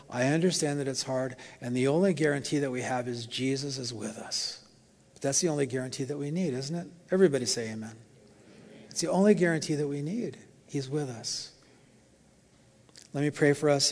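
A man's voice: mid-range voice, a little fast, darkish tone. Earnest man preaching in a reverberant church. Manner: earnest, confessional storytelling. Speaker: guest preacher. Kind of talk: sermon with closing prayer. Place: church sanctuary. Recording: long hall reverb in a church.

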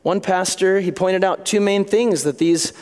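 A man's voice: high voice, measured pace. Earnest preacher man in a reverberant hall. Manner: earnest, rising to emphatic questions, dropping soft on key lines. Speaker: pastor. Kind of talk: sermon.

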